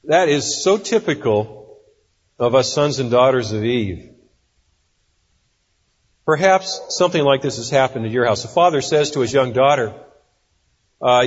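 A man preaching a sermon in a deliberate, emphatic way, acting out the quotes he reads. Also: mid-range voice. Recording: dull audio with long reverb in a hall.

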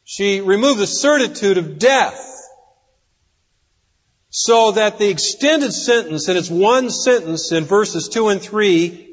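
A man preaching a sermon in a deliberate, emphatic way, acting out the quotes he reads. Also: high voice, expressive. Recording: dull audio with long reverb in a hall.

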